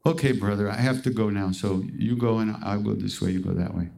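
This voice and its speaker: A man's voice: on the low side, a little fast, creaky, a little mellow, a little hiss or hum. A man voicing an old male guru who sounds puzzled and keeps repeating himself. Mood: earnest.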